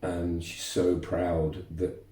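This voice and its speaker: A man, telling lively stories as a martial arts instructor guest, repeating words as he goes. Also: deep voice, extremely slow, far from the mic. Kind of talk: casual interview storytelling. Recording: roomy echo, voice off-mic.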